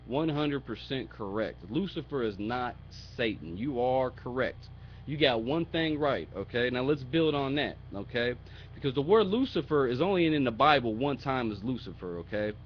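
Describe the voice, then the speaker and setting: Guy preaching bible stuff, blunt and mocking, slightly muffled audio, faint hiss. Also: mid-range voice. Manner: blunt, mocking, profane asides; reads scripture aloud in raised voice. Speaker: bible teacher. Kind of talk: informal bible teaching video.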